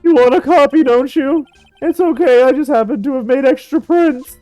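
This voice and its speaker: Brief: woman voicing a goofy young man, stammers and gushes, high-pitched. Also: normal speed, mellow, no echo, soft background music, natural voice, rough recording. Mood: gushing. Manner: stammering and gushing. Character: goofy, flustered young man, lovestruck and dramatic. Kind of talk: fan dub of a game.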